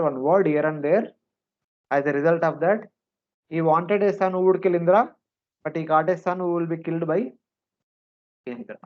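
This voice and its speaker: A man teaching a scripture class, explaining Sanskrit grammar and chanting words slowly and repeating them. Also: a little high. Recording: dull lo-fi recording.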